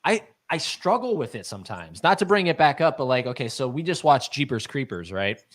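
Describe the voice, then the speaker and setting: A man co-hosts a casual live stream and talks about films in a loose, rambling way. His voice sits at an ordinary middle pitch, and he fills his sentences with false starts and little fillers. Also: very animated, a little fast. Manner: rambling, many fillers and restarts. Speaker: podcast co-host.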